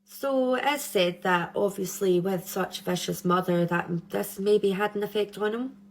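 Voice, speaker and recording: A woman's voice: medium pitch, moderate pace. A young woman hosting a true crime channel, telling the story in a chatty, rambling way with nervous giggles. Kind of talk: casual true crime chat.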